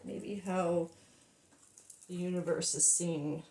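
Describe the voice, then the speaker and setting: A woman's voice: lowish voice, fairly even intonation, slow, reverberant, background noise. A woman giving a tarot reading, breathless and stumbling over her words, swearing and apologizing. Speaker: tarot reader.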